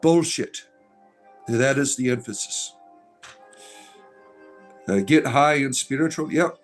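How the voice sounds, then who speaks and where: A middle-aged man chats loosely on a livestream, reading out viewer comments and answering them. He rambles with frequent fillers and restarts in a mid-range voice. Soft music plays faintly underneath. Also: mid-range voice, slow pace. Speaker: livestream host reading chat. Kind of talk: casual livestream chat.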